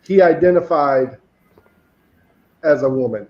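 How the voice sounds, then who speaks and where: A man's voice: on the high side, unhurried. A man raised in the US South, hosting a podcast and telling stories in a chatty way with many restarts. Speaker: podcast host. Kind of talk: casual chat. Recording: roomy, dull lo-fi sound.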